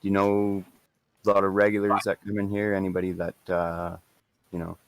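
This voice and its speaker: A man playing a tabletop game, speaking in a low-key, quiet way. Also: completely flat delivery, a little fast. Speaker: player. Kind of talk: tabletop role-play.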